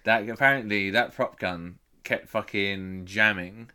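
Deep, bright-voiced man recapping a movie. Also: a little slow. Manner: rambling, swears freely, leads the plot recap. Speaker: podcast co-host. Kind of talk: casual movie-review banter.

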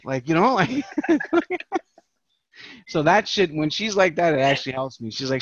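A man's voice: on the high side, lively intonation, a little fast, fairly bright tone, dry recording, lo-fi sound. Profane rambling New York man. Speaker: podcast host. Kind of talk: casual chat.

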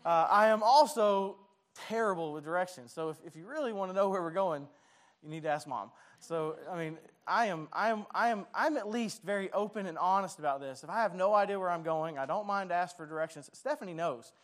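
Pastor guy preaching, high voice, chatty and jokey about himself, keeps restarting his words. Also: brisk, a bit bright. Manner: conversational, self-deprecating, stumbling restarts. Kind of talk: sermon.

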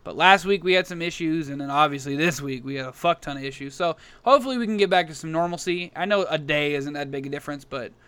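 A man co-hosting a casual podcast, swearing freely and telling animated stories. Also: on the high side, quick pace, hardly any pauses, smooth, no echo. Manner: profane, animated storytelling. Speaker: podcast co-host. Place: Las Vegas.

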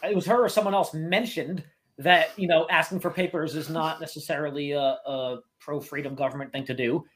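A man's voice: on the high side, steady tone, brisk, a bit bright, slight background noise. A man in a casual podcast discussion, arguing his points step by step. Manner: argumentative, lays out points. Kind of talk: casual podcast panel talk.

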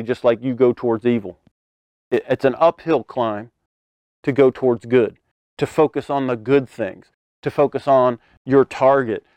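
Delivering an animated, conversational sermon, a man acts out scenes, breaks into sudden loud bursts, and laughs frequently between phrases. His voice is medium-pitched, clear, and resonant, recorded with no room sound.

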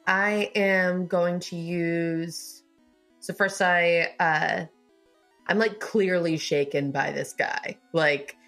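A woman's voice: lowish voice, steady tone, takes it slowly, a bit bright, soft background music. A woman playing in a tabletop game, describing her character's actions casually. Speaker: player.

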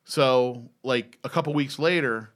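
A man telling a story in casual podcast chat, animated, rambling and profane. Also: mid-range voice, a little slow.

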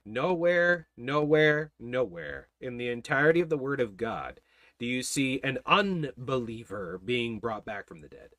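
A man's voice: medium pitch, animated, measured pace, a bit bright, dry recording. A man teaching a Bible study, preaching emphatically and fervently and repeating his key phrases.

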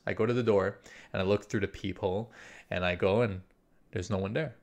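A man's voice: on the low side, a little fast. A young man casually telling a story, rambling with lots of fillers, swearing freely and acting out his own inner thoughts.

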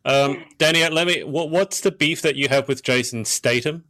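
A man's voice: mid-range voice, normal speed, bright, forceful tone. A man hosting a casual podcast, teasing his guests in a playful way. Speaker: podcast host.

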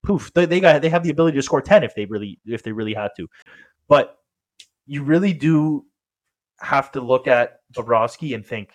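A man's voice: medium pitch, lively intonation, normal speed. A man co-hosting a casual sports podcast, talking in a rambling way with many fillers and restarts. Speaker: podcast co-host.

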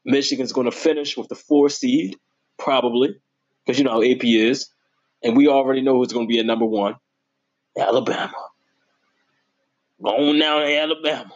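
A young man talks sports in a loose, slangy way, his voice shooting up high whenever he gets worked up. His voice has a slightly husky edge. The recording sounds dull and lo-fi. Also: moderate pace, long pauses. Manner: animated, voice jumps high when excited; informal, slangy and playful. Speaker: sports podcast host. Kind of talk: casual sports talk.

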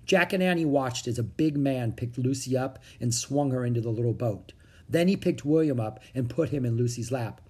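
A man reading a children's chapter book aloud, with expressive, dramatic storytelling. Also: mid-range voice, moderate pace, breathy edge. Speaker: narrator.

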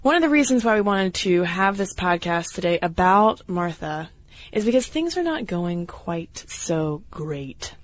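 A chatty woman co-hosting a podcast, slightly hoarse from a cold and quick to laugh. She sounds close and dry, with no room around her voice. Her delivery is loose and wry. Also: on the low side, sing-song, no echo. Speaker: podcast co-host. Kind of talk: casual chat.

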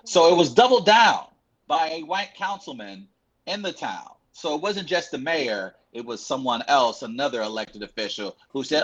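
A man co-hosting a casual podcast debate, halting and restarting as he reads out quotes. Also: on the high side, sing-song, fairly bright tone, muffled recording. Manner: halting, full of restarts while reading quotes. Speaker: podcast co-host arguing a case.

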